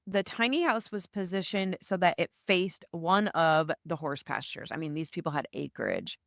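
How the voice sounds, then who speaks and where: Animated American woman telling stories. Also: on the low side, moderate pace, hardly any pauses, no room sound, clean studio sound. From United States. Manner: animated, chatty storytelling. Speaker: podcast host. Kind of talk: solo storytelling podcast.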